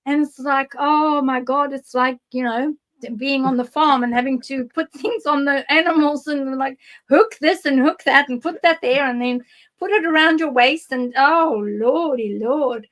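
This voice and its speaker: A woman's voice: high-pitched, steady tone, normal speed, a bit bright. A woman from South Africa with a South African accent, a guest psychic giving candid, rambling personal testimony in an interview.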